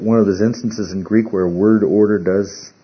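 A man with a low, husky voice leads a Bible study. He pauses often, stumbles over words and turns questions back to his class. The sound is muffled and lo-fi. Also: fairly even intonation. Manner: halting, repeats words, asks the class questions. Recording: muffled lo-fi recording.

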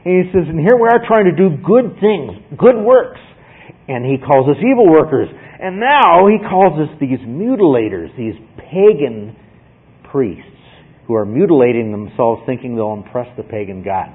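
A man's voice: mid-range voice, normal speed, lightly acted. Male teacher doing indignant zealots, aggrieved, tinny line. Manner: protesting, aggrieved. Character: indignant offended religious opponents, grown men. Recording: tinny phone-like sound.

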